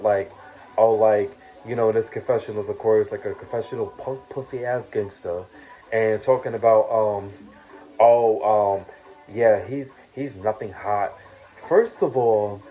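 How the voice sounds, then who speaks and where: A man's voice: on the low side, warm tone, rough recording. Man ranting with profanity over faint music. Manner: profane, heated rant with repeated taunts; filler-heavy, says "you know what I'm saying" a lot. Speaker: reality show cast member telling his story. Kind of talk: casual storytelling vlog rant.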